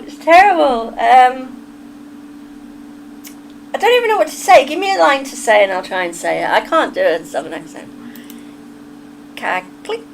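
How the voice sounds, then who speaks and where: A woman's voice: sits high, gravelly, a bit bright, slight background noise, poor audio. An English woman streaming live, chatting casually with her viewers, giggly and self-deprecating, often laughing. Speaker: livestreamer reading chat. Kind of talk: casual livestream chat.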